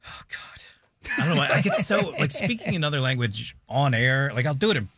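A man's voice: mid-range voice, sing-song, brisk, a bit bright, breathy edge, dry recording. A man co-hosting a radio show, laid-back and a bit self-conscious as he runs a segment. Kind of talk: casual radio banter.

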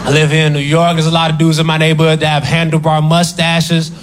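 A man's voice: fairly high pitch, monotone, fast. A man performing a stand-up set on stage with wry, mock-serious storytelling. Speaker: stand-up comedian. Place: comedy stage before a live audience. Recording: live audience and room noise.

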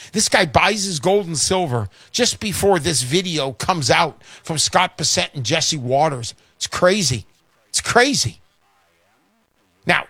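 A man hosting a call-in radio show, talking in a loud, salesman-like way and shouting his jokes. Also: high-pitched, dry recording.

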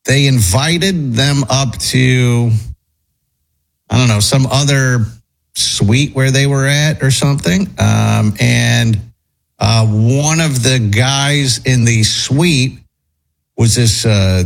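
A man's voice: medium pitch, slow, vocal fry, low-quality recording. A man hosting a radio chat show, telling a long story in a rambling way with lots of fillers and restarts.

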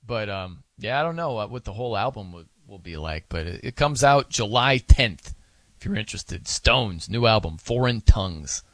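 Animated rambling male radio host. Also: lowish voice, normal speed, no echo. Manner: rambling, animated, self-amused. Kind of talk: casual sports radio banter. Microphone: studio microphone.

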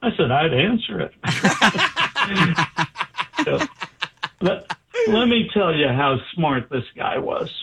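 A high, gravelly male voice moves slowly with frequent pauses as a doctor, being interviewed, relays a story and acts out its dialogue with animation. The line is tinny and phone-like, and the background is very noisy.

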